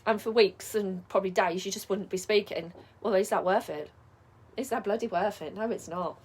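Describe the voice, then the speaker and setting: A woman's voice: medium pitch, moderate pace, slightly rough. A middle-aged woman coaching viewers in a casual advice vlog, chatty and reassuring, often checking in with "yeah?". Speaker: spiritual life coach.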